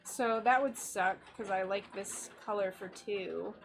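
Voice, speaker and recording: A woman's voice: medium pitch, measured pace, vocal fry, noisy background. A woman chatting casually with viewers on a stained glass craft livestream, reacting to messages with a giggly, chatty manner from her workspace. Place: home craft workspace under bright lights.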